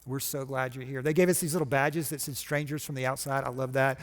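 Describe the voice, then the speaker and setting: A middle-aged man from Georgia giving a motivational conference talk, telling a story and acting out quotes with lively energy. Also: mid-range voice, fast, big-room sound. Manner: storytelling, animated, acts out quotes. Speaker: conference speaker.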